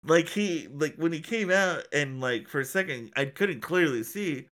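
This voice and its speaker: A man ranting in casual podcast chat, animated and full of swearing. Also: a little high, moderate pace. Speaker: podcast co-host.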